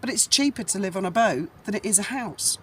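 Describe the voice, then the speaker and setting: A woman's voice: mid-range voice, expressive, a little fast, husky. Chatty, blunt middle-aged Englishwoman. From England. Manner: rambling, chatty and blunt, with casual swearing. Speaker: vlogger. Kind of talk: casual storytelling vlog. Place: outdoors in a breeze.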